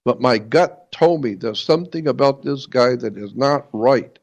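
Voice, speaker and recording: A man in an interview telling a personal story in a halting way, repeating words and slowing down for emphasis, on a dull lo-fi recording. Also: medium pitch, lively intonation, creaky. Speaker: guest.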